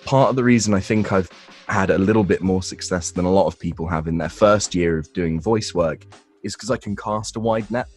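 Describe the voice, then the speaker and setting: A man's voice: deep voice, brisk, faint music behind. A young man, a voice actor, answering interview questions casually, rambling with fillers and restarts. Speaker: voice actor guest.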